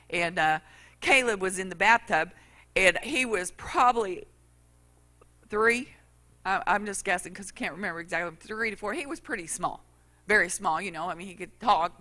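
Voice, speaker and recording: Middle-aged woman preacher, bright voice, folksy storyteller. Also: lowish voice. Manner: folksy storytelling, acts out quotes. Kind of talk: sermon.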